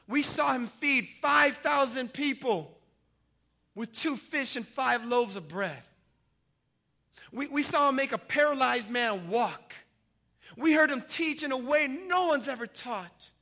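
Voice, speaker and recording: A pastor preaching a sermon, retelling a scripture story vividly and swinging from loud emphasis to hushed, quiet lines. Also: male voice, extremely high pitch, lively intonation, takes it slowly.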